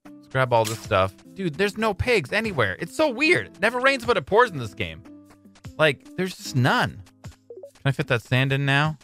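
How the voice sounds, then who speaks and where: A man giving casual let's-play commentary on his own video, excitable, swinging between mumbling and loud outbursts. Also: fairly high pitch, normal speed, music in the background. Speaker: gaming YouTuber.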